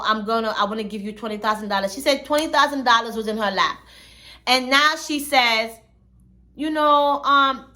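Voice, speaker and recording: A woman's voice: on the high side, pushed and bright. A woman hosting a commentary channel, talking in a chatty, slangy storytelling way. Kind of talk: casual commentary.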